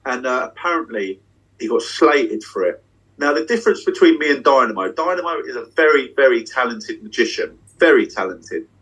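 Husky swaggering magician, slightly off-mic. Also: male voice, medium pitch, a little fast, far from the mic, poor audio. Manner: swaggering, swears freely, talks in long excited runs. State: getting emotional. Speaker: magician and tour guest. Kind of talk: candid casual interview. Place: backstage dressing room.

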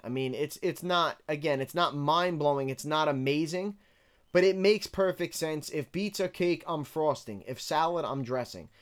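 Man, rap lyric breakdown, casual and candid, slightly high, smooth clear voice. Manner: breaks down rhymes bar by bar, candid and relaxed. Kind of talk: casual analytical commentary.

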